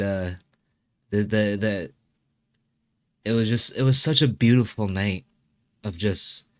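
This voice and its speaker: Halting young man, low dry voice. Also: clean tone, no echo. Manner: halting, with many fillers and restarts. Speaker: musician and channel host being interviewed. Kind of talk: emotional personal interview.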